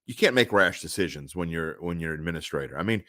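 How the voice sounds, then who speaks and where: A man's voice: sits low, animated, fast, fairly bright tone, no echo. Male podcast co-host, emphatic sports opinions, dry room. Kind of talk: casual sports talk.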